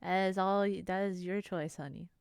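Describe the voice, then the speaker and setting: Doting, playful woman streamer, clear voice. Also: on the low side, steady tone, moderate pace, no echo, studio quality. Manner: doting, playful, cutesy internet slang. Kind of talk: casual live-stream chat, reading chat.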